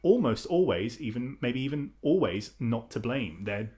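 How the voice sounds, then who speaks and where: A man's voice: medium pitch, sing-song, moderate pace, darkish tone. A man co-hosting a casual film podcast, laying out articulate, longer arguments. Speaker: podcast co-host. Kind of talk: casual film review chat.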